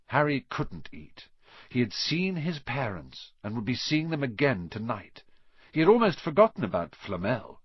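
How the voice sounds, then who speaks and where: A man narrating a story in an expressive reading voice, dropping to a hush at quiet moments. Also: mid-range voice, moderate pace, slightly rough, no room sound, lo-fi sound. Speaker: audiobook narrator.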